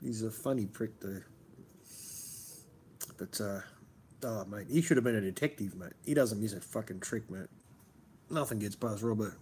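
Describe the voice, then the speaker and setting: A man's voice: lowish voice, moderate pace, long pauses, darkish tone, slight background noise. A man with a broad Australian accent, chatting and rambling casually as a stream host, swearing freely and calling everyone mate. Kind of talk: casual chat.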